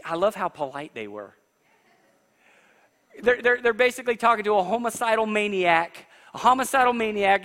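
Preacher man with a bright, high voice. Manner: animated preaching, rising and falling in pitch and volume. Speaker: pastor. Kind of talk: sermon. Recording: long reverb of a large hall.

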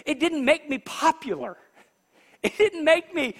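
A male pastor giving a sermon, preaching with animated swings between quiet and loud. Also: moderate pace, creaky, pauses often. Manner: animated preaching, rising and falling in pitch and volume. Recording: long reverb of a large hall.

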